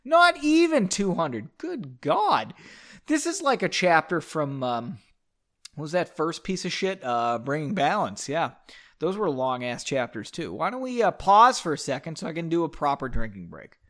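A man's voice: fairly high pitch, big pitch swings, moderate pace, a bit bright. A man hosting a podcast, reading fan fiction aloud with sarcastic, profane asides. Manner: sarcastic, swears, breaks off with jokes. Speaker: podcast host.

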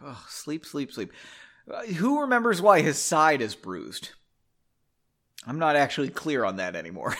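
Lively, swooping man reading aloud. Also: medium pitch, unhurried, long pauses. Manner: chatty, irreverent asides, swears casually. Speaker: host reading his own book aloud. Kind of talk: book reading mixed with offhand commentary.

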